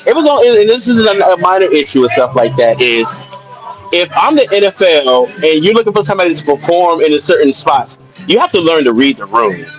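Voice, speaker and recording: A man's voice: a little high, big pitch swings, a little fast, muffled recording, soft background music. A man co-hosting a casual sports podcast over a video call, talking in long, loose, repetitive turns. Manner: laid-back, repeats himself, talks in long winding turns. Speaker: podcast co-host.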